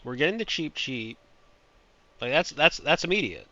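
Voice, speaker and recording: A man's voice: a little high, big pitch swings, moderate pace, pushed and bright, highs cut off. A man streaming a puzzle game live, talking to himself, imitating bird chirps and swearing in frustration.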